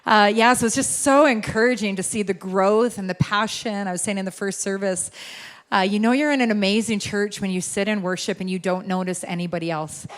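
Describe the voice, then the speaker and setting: A woman's voice: mid-range voice, a little fast. A middle-aged woman from Alberta, Canada, giving chatty, laughing opening remarks as a guest preacher in a church. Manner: chatty, laughing, self-deprecating asides. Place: large church sanctuary. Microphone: handheld or stage microphone.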